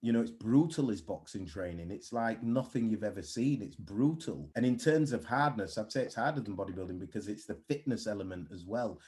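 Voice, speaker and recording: A man's voice: lowish voice, fairly quick, few pauses. A man, a mindset coach speaking bluntly and animatedly in a casual interview. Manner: blunt, animated storytelling with swearing.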